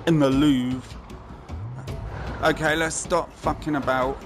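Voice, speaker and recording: A man's voice: on the high side, steady tone, takes it slowly. A man giving casual, sweary commentary while playing a game and muttering to himself. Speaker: gameplay commentator. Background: game music.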